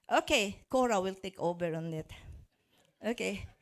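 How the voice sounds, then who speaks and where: A woman's voice: mid-range voice, lively intonation, measured pace. A woman giving a live seminar talk to an audience. She talks in a chatty, coaching way, jokes with the crowd, and often searches for words and restarts her phrases. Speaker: motivational speaker.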